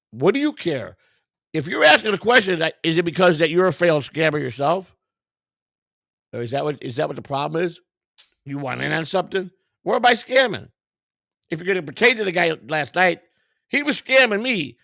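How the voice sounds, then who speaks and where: A man's voice: a little high, gravelly, fairly bright tone, no room sound, studio quality. A tired man hosting a live stream, reading viewer comments and firing back at them in a combative, profane way. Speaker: livestream host.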